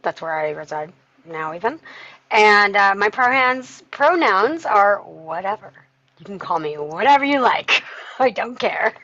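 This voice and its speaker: A woman's voice: medium pitch, expressive, measured pace, sharp tone, dull audio. A woman from California introducing herself on a video call, breezy and offhand, laughing easily. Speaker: table read participant. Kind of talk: casual self-introduction.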